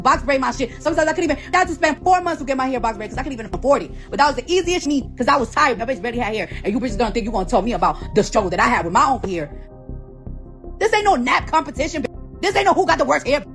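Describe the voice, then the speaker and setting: A woman tears into her critics in a rapid, high-pitched rant. She swears freely and circles back to the same phrases again and again, confrontational from start to finish. A faint bed of music runs underneath. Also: fairly bright tone. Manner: profane, confrontational, repeats phrases over and over. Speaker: founder of a hair product. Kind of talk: heated off-the-cuff rant.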